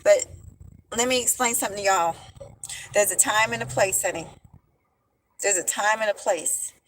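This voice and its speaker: A woman's voice: mid-range voice, moderate pace, fairly bright tone, a little hiss or hum, poor audio. A woman hosting a livestream. She talks straight to her viewers in casual slang and repeats her points with emphasis, into a phone she holds in her hand. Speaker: livestream host. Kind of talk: livestream commentary. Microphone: phone held in hand.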